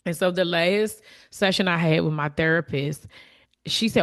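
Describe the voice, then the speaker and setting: A woman's voice: low-pitched, fairly quick, gravelly. A woman hosting her own podcast, talking in a candid, conversational way and openly admitting her emotions. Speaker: podcast host. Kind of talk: reflective solo podcast talk.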